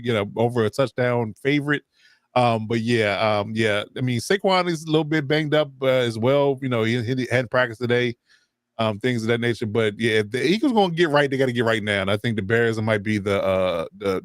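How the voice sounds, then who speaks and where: Relaxed male podcast host, mid-range voice, dry close sound. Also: dry recording. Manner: relaxed, filler-heavy, turns up pitch when leading in. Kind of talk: casual sports podcast chat.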